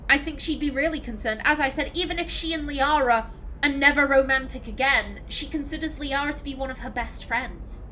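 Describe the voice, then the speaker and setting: A woman's voice: sits high, a little fast, pushed and bright, a little hiss or hum. A woman hosting a let's play, giving chatty, reflective game commentary as she thinks aloud.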